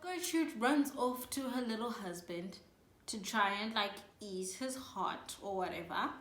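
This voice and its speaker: A woman hosting her own channel, casually and jokingly retelling a play's plot in slangy asides, slipping into quick voices for the characters. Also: mid-range voice, animated, fairly bright tone, echoey room. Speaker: channel host. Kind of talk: comedic casual plot summary.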